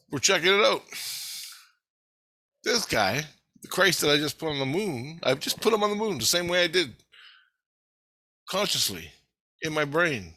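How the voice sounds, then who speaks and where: A man rambling through a profane, animated story about his spiritual experiences. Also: a little high, a little slow, pauses often.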